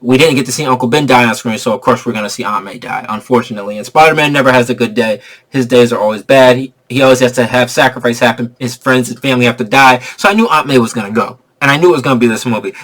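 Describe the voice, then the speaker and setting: A man giving a casual spoiler review of a movie. He is excitable and slangy, laughs often, and rambles with many restarts. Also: medium pitch.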